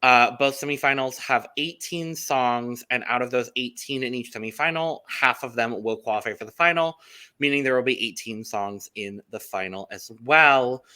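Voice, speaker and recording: Bright, smooth-voiced man chatting on a podcast. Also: mid-range voice, moderate pace. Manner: chatty, upbeat, frequent ums. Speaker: podcast co-host. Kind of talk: casual podcast chat.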